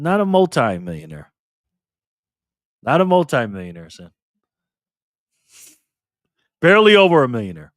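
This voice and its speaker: A relaxed man chats his way through a livestream, reading comments aloud in a loose, easygoing manner. His voice sits at an ordinary middle pitch and sounds dry and close, with no room around it. He repeats and restarts phrases, and he calls listeners man and brother. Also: no room sound. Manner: laid-back, calls viewers man and brother. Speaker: livestream host.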